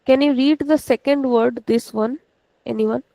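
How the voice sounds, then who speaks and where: A woman with an Indian English accent teaches a class over a video call. She explains patiently, step by step. Her voice is a touch high, with a gravelly edge, and the sound is dry and close. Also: fairly even intonation, measured pace, dark tone, no room sound, poor audio. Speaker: language teacher.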